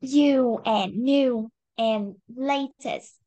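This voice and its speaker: A woman practicing English pronunciation in a lesson, repeating each word after her tutor. Her voice sits a little high, and now and then she puts in a short question. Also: extremely slow, warm tone, dry recording, dull audio. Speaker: student.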